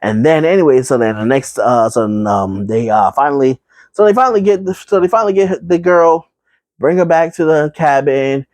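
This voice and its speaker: An animated man with a slightly high, darkish voice, recorded without room sound, retells a horror movie in a casual, rambling way. He scatters fillers and asides and sometimes mimics characters in quick put-on voices.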